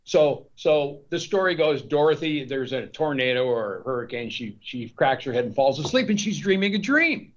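A man's voice: on the high side, very animated, moderate pace, hardly any pauses. A man speaks in a somewhat raised register, stumbling through repeated words as he works out his ideas. The recording is lo-fi and muffled, which dulls his voice. He sounds like an interview guest. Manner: rambling, with frequent restarts and repeated words. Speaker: guest author. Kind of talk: discursive interview talk.

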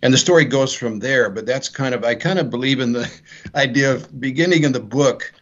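A man's voice: mid-range voice, a little fast, fairly bright tone. Brief: man, author guest, rambling storyteller who acts out lines, muffled lo-fi sound. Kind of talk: interview, retelling his novel's plot. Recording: dull lo-fi sound.

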